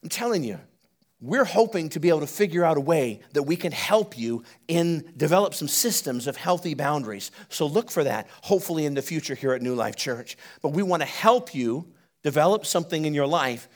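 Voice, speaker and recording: A man preaching a sermon as pastor, building animated emphasis as he goes. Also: a little high, brisk. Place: church.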